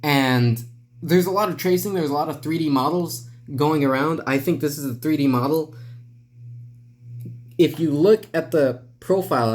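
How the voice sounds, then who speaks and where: Man with a slightly high voice, casual vlog commentary, wry, rambling delivery. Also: darkish tone. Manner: wry, rambling, self-deprecating. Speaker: comics commentary vlogger.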